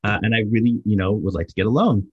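A man's voice: lowish voice, fast talker, slightly rough, phone-quality sound. A man voicing a polite male frog asking for a bank loan, in an earnest, courteous way with hesitant fillers, as part of a spoken joke.

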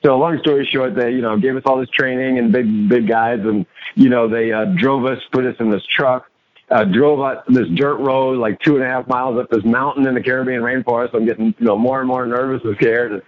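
A man's voice: medium pitch, steady tone, a little fast, highs cut off. A man telling a story on an interview show and acting out his own lines, a coach and author as guest.

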